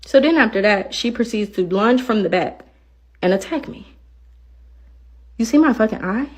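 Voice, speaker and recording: Rideshare driver, woman, husky, indignant storyteller. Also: fairly high pitch, lively intonation, moderate pace. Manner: indignant, acting out both sides of the argument. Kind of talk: venting story to camera.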